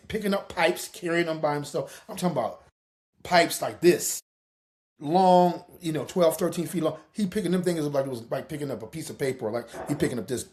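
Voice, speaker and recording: Animated, profane male storyteller. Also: on the high side. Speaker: podcast host. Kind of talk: casual storytelling monologue.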